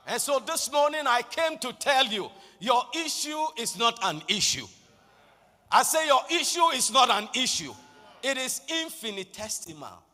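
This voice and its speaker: Man, preacher, impassioned sermon, shouted declarations, very high voice, long hall echo. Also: big pitch swings, moderate pace.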